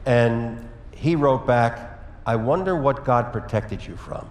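A man preaching a sermon as pastor, telling a personal story in a conversational way with lively asides. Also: mid-range voice, takes it slowly, slight background noise. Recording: echoey hall with long reverb.

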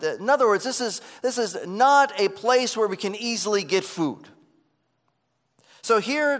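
Male pastor, high-pitched and emphatic, sermon delivery in a reverberant hall. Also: a bit bright. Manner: earnest, emphatic, repeats words at starts of phrases.

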